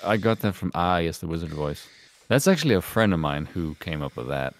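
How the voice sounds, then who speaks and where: Give me a deep, calm-voiced man in his thirties. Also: brisk. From Ireland. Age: 30s. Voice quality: deep, resonant. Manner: calm, wry, swears freely. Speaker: podcast co-host. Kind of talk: casual chat.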